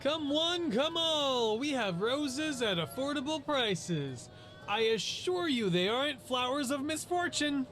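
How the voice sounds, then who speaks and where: A high, pushy market hawker. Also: male voice, animated, slow, a bit bright, a little hiss or hum, full character voice. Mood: hawking. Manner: hawking, sales patter. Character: cheery, pushy male market merchant. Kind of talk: game voice acting.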